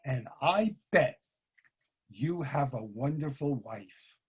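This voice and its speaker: A man playing a kindly little old man in his seventies who talks in a gentle, coaxing, unhurried way. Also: medium pitch, animated, breathy edge, full character voice.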